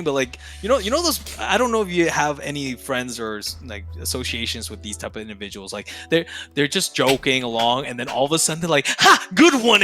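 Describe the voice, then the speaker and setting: Lively, bright-voiced young man ranting with slang. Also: on the high side. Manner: profane slang-heavy rant with frequent laughs. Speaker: podcast guest, streamer. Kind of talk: casual podcast interview.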